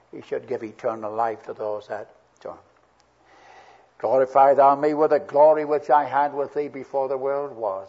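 A man's voice: medium pitch, darkish tone, slightly rough. A man preaching a sermon verse by verse, earnest and swelling with emphasis on key words. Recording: dull lo-fi old recording.

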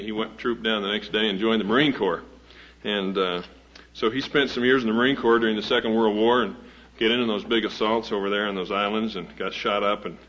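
A man's voice: fairly low pitch, a bit bright. Male host, folksy rambling introduction to a live audience, muffled dull old recording. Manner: folksy, rambling, many fillers and restarts. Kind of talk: speaker introduction with a humorous story.

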